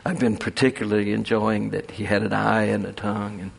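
A man preaching a folksy, animated sermon full of storytelling and chuckles. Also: lowish voice, brisk, gravelly, slightly rough.

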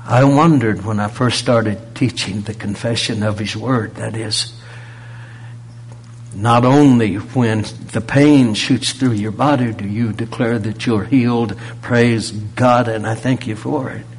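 A man preaching a sermon, pressing rhetorical questions and swinging from loud emphasis to a near-whisper. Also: lowish voice, steady tone, unhurried, breathy edge.

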